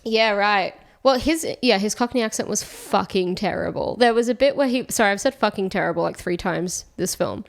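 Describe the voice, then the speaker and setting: A woman co-hosting a comedy film podcast, chatting in an animated, sweary and playfully over-the-top way. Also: mid-range voice, a little fast, gravelly, few pauses. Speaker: podcast co-host. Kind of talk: casual comedic chat.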